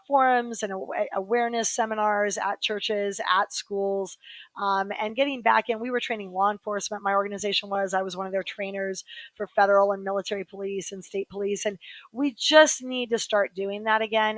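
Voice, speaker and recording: A middle-aged woman, an attorney, telling a lively personal story in a casual interview. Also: mid-range voice, dry recording, low-quality recording. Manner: lively anecdotal storytelling with quoted voices. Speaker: guest, human rights attorney.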